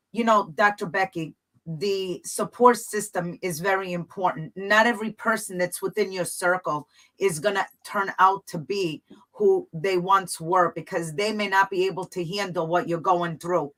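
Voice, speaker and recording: A woman's voice: fairly low pitch, fairly even intonation, measured pace, fairly bright tone, low-quality recording. A woman hosting a talk show, speaking earnestly and from the heart as she shares her own story with her guest. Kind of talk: talk show conversation, personal testimony.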